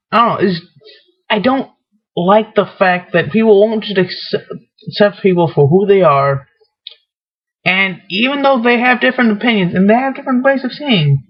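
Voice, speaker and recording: A man's voice: high voice, slightly rough. A man talking in a rambling, hesitant opinion monologue, full of fillers and restarts. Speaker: vlogger. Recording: dull lo-fi webcam recording.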